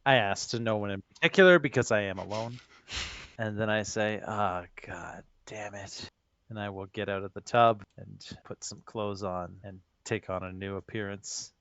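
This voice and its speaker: A man's voice: lowish voice, moderate pace, a bit bright, clear, resonant tone, no room sound. A man playing a tabletop game, rambling with many fillers, on dry, slightly dull podcast audio. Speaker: player.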